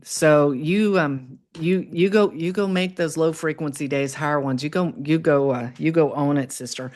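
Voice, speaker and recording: A woman with a notably low-pitched voice hosts a casual motivational livestream. She talks in an upbeat, encouraging way and chats directly with viewers as she reads their comments. Her voice jumps up in pitch on exclamations. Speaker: livestream host.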